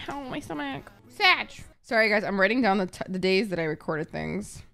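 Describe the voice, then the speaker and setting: A young woman from Egypt reacting to an anime episode, excitable and gushing and swearing freely. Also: medium pitch, moderate pace, creaky, few pauses, soft background music. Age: young adult. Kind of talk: casual reaction commentary.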